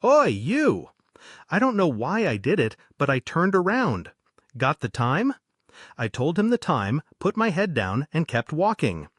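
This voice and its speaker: Male horror narrator, husky, animated delivery, dry close mic. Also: on the high side, normal speed, few pauses, no echo. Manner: lively, dramatic storytelling. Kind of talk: scripted horror story narration.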